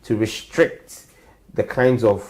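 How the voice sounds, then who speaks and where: A man appearing as a politician guest on a studio talk show, arguing his case forcefully. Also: on the low side, steady tone, slow. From Ghana. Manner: forceful, argumentative.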